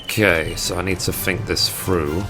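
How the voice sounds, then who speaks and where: A man's voice: deep voice, fairly even intonation, normal speed, over music. A man making a game guide, casually thinking aloud and reading quest text as he plays. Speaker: gaming guide creator. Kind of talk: game walkthrough commentary.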